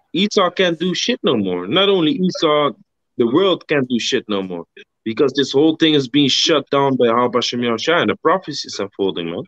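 A man's voice: medium pitch, fairly bright tone, dry recording. Slangy emphatic man, dull dry sound. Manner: swears freely. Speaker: co-host of a religious live stream. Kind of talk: casual scripture discussion.

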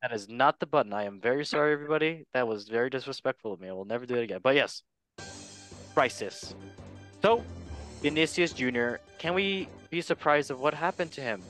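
A man hosting a casual, jokey football talk show, swinging between loud bits and quiet asides. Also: medium pitch, fairly quick, no echo, faint music behind. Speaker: host. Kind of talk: casual comedic sports chat.

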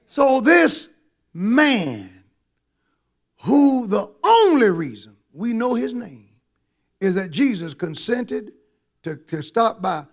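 High-voiced male preacher. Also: sing-song, slow pace, long pauses. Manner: emphatic, engages the congregation. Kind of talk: sermon.

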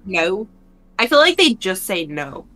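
A woman's voice: fairly low pitch, expressive, normal speed, bright, forceful tone, soft background music. A young woman playing along on a game stream, bantering and teasing in a playful way. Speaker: co-player. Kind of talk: casual gaming livestream chat.

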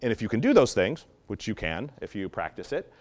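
Man, dog trainer, instructional talk, low pitch, lively varied intonation. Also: brisk. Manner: animated, demonstrates voice tones.

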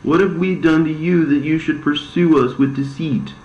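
Guy putting on eve, grieving woman crying out higher-pitched, echoey muffled audio. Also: fairly even intonation, moderate pace, a little mellow, close to an everyday voice. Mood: anguished. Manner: crying out, accusing. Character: sorrowful young first woman Eve. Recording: roomy, slightly dull recording.

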